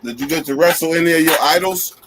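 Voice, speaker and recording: A man's voice: fairly high pitch, fast, background noise. A man interviewing a guest, mostly short encouraging prompts and questions. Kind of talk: casual interview.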